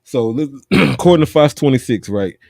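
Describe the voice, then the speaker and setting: A man hosting a podcast in a relaxed, casual way, with plenty of fillers, stopping his guest to sort out the details. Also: mid-range voice, normal speed, vocal fry, dry recording, clean studio sound. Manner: laid-back with fillers, stops the guest to check details. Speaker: podcast host.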